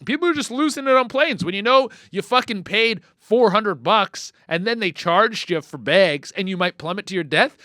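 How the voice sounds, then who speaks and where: A young man hosting a comedy podcast, riffing in a profane, animated way that swings between mumbled asides and loud bursts. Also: sits high, moderate pace, few pauses, dry recording, clean studio sound. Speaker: podcast host. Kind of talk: casual comedic monologue.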